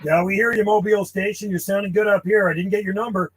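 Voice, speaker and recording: High-voiced radio hobbyist. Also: male voice, steady tone, fast talker, soft background music. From Canada. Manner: chatty, blunt, clears throat often. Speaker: CB radio operator. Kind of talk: casual radio chat and calling.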